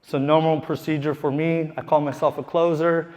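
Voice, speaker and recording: A man's voice: on the high side, level tone, normal speed, a little mellow. A man who is a real estate investor tells a casual, profane story to a live audience in a room, laughing as he goes. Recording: long hall reverb.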